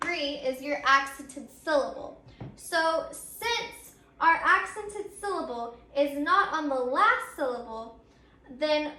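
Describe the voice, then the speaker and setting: Young woman teacher, bright tone, patient step-by-step explainer. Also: sits high, animated, slow, a little hiss or hum. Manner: patient, repetitive explaining with many ums. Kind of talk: recorded grammar lesson. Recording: echoey room.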